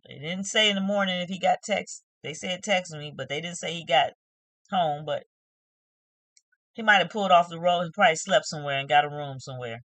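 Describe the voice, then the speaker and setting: A woman's voice: mid-range voice, fairly bright tone, no echo. A woman giving a casual, emphatic recap of a reality show, scolding the people in it and acting out what they said. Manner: emphatic, scolding, retells scenes with acted quotes.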